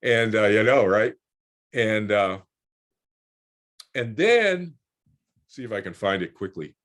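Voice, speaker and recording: A man in his sixties, a guest in an interview, telling a personal story in an animated way, often repeating words as he finds his thread and acting out what others said, heard over a video call. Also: fairly low pitch, slow pace. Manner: repeats words while finding his thread, voices other people in quotes.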